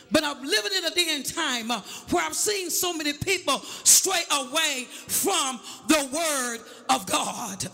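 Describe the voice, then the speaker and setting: A man preaching a sermon, calling for a witness, shouting and half-singing his lines in an echoey church. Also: very high-pitched, expressive, unhurried, gravelly, hardly any pauses, faint music behind.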